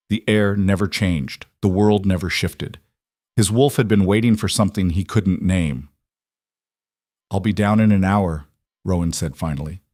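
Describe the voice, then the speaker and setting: This scripted narration comes from a man with a low voice who tells the story steadily and deliberately. The audio is clean studio quality without any room sound.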